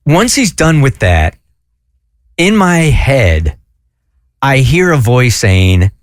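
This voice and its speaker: Animated man talking in a dry studio. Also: medium pitch, takes it slowly, dry recording. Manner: earnest, confessional, animated. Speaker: radio show host. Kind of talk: casual radio talk.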